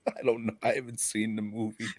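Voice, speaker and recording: A man's voice: mid-range voice, husky, no room sound, studio quality. A man co-hosting a casual podcast chat, blunt and profane, laughing often. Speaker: podcast co-host.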